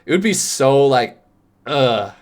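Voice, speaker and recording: A young man reacting to a video for his stream viewers. His casual commentary swings into loud, profane exclamations, and his voice sits at an ordinary mid pitch. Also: animated, slow pace.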